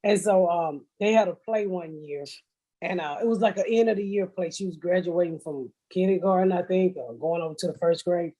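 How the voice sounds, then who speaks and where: A woman hosting a podcast laughs her way through blunt, profane comic stories in casual chat. Her fairly low voice is warm and a little fast, and the sound is lo-fi.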